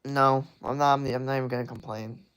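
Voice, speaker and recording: A man's voice: mid-range voice, fairly even intonation, fairly quick, fairly bright tone, clean tone. A young man from the United States reading chat on a live stream, talking casually with an exasperated, rambling manner.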